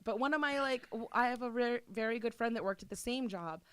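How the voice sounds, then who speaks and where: A woman's voice: fairly high pitch, fairly quick, smooth, dry recording. A woman chatting casually as a podcast guest, laughing often and swearing freely. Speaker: interview guest.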